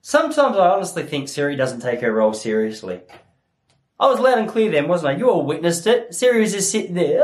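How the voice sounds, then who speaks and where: A stand-up in his thirties riffs alone on his podcast. His voice sits a touch high and leaps up and down with animated energy. He is self-mocking and loose, and he drops in little character voices. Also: fairly quick. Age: 30s. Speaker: comedian and podcast host. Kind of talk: solo comedy podcast monologue.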